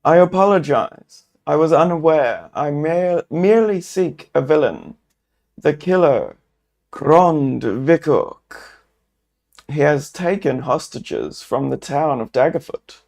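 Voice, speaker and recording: A man voicing a human adventurer hero who speaks formally and courteously, with a raised, louder voice. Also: a little high, lively intonation, slow, gravelly, pitched above the performer's own voice, heavily acted. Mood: earnest. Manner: formal, courteous heroic speech.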